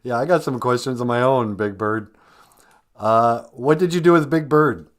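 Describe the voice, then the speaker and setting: A man's voice: mid-range voice, normal speed. A man in his fifties hosting a comedy podcast, mocking a video clip in a sarcastic way. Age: 50s. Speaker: podcast host.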